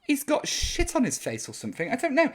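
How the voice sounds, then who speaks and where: A tipsy older woman hosts a late-night live stream and rambles cheekily through viewers' messages, swearing as she goes. Her voice sits fairly high and swoops up and down enormously. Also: wildly swooping pitch, a little fast. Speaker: host reading out viewer comments. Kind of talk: live-streamed casual chat.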